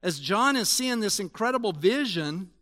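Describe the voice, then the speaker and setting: Bright high-voiced pastor in his sixties. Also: lively intonation, normal speed. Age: 60s. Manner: conversational preaching, swinging between loud emphasis and quiet asides. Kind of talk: sermon.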